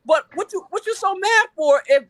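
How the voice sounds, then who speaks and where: A man with a bright, sharp voice, recorded dry and close. He chats through his theories and builds them point by point. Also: very high-pitched, expressive, moderate pace, no room sound. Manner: chatty, builds points step by step. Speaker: co-host panelist. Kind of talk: casual gossip and analysis.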